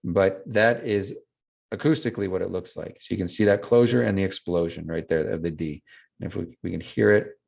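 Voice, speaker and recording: Speaking a little fast, this man has a deep, gravelly voice with a darkish tone as he patiently teaches Spanish online, mixing the two languages. It's captured through a video call, so the audio is dull and low fidelity.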